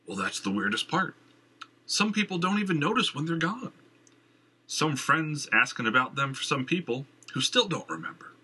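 A man voicing a fussy, pompous middle-aged male theater owner, in a high, flustered and theatrical way. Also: very animated, normal speed, pushed and bright, breathy edge, heavily acted.

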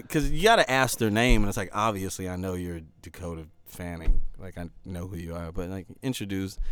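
A man chatting casually, telling animated stories with frequent laughs and acted-out quotes. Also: mid-range voice, smooth, dry recording. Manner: animated storyteller, laughs often, acts out quotes. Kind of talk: casual chat.

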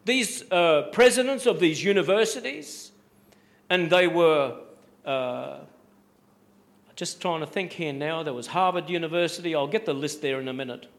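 High-voiced pastor preaching emphatically. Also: male voice, moderate pace, creaky. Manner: emphatic preaching with repeated phrases and rhetorical questions. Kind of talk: sermon.

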